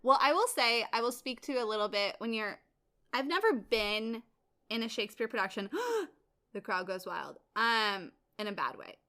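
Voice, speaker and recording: A woman's voice: fairly high pitch, expressive, normal speed, sharp tone. A young woman co-hosting a podcast in casual chat, chatty and self-mocking. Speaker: podcast co-host.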